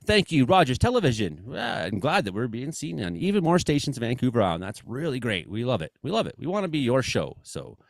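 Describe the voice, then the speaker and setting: A man with an Ottawa Valley accent hosts a comedy weather show on a live stream. His pitch leaps around as he jokes, and he drops into mumbled asides. The sound is close and dry, with no room around it. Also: fast talker, hardly any pauses, no room sound. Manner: animated, jokey, swings between loud and mumbled asides.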